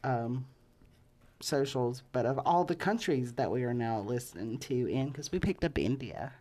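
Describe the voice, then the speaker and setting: A woman's voice: rumbling low, lively intonation, moderate pace, mellow. A woman co-hosting a podcast in casual chat, chatty and laughing often, trailing off with fillers. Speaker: podcast co-host.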